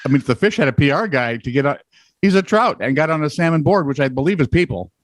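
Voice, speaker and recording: A man's voice: on the high side, expressive, quick pace. A man co-hosting a comedic news podcast, reading strange headlines with wry asides in a casual chat. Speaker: podcast co-host.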